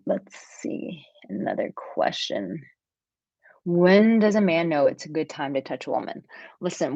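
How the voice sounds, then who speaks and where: Female dating coach, thirties, low-pitched, casual live-stream patter, muffled lo-fi sound. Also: a little mellow, no room sound. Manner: breezy, chatty, reads viewer comments aloud. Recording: dull, dry lo-fi stream audio.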